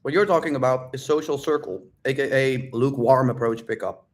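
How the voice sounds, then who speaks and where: With a mid-range voice and a slightly fast pace, a man gives dating coaching on a live-stream Q&A. His delivery is loud, profane, and blunt, and he repeats points with hard, drill-like emphasis.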